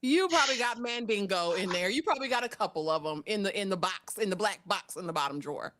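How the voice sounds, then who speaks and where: A woman co-hosting a casual reality TV recap, animated, acting out quotes and laughing often. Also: medium pitch, fast talker. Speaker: podcast co-host.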